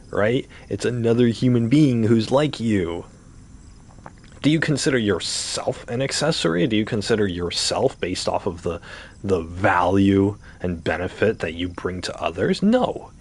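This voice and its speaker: A man's voice: fairly low pitch, slightly rough. A man talking casually while playing a game, ranting with rhetorical questions and swearing. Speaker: gaming streamer. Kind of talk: casual rant while gaming.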